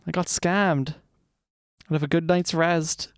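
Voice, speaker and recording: A man's voice: fairly high pitch, slow pace, clean tone, dry recording. A man chatting casually while he streams a game, thinking aloud and swearing now and then. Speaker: livestreamer. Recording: loud truck and traffic game noise.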